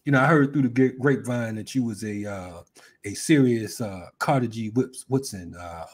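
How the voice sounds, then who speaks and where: A man hosting a live online interview, asking halting questions with many fillers and answering with short affirmations. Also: medium pitch, husky. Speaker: host. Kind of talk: casual interview chat.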